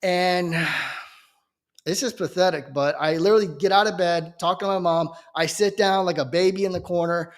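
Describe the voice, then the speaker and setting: A man's voice: high-pitched, fairly even intonation, normal speed. A young man giving an earnest, fervent Christian testimony as a preacher, often checking in with "okay?". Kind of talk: emotional personal testimony.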